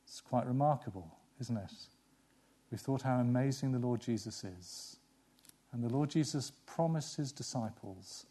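A man preaching an expository sermon in a conversational way, asking the listeners questions and dropping from loud emphasis to quiet asides. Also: mid-range voice.

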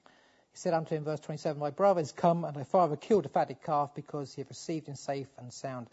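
A man preaching with a high voice that is dark and husky in tone. He pleads with his listeners, swinging from fervent appeals down to quiet, low passages. The recording sounds muffled and lo-fi. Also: steady tone, quick pace. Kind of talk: sermon.

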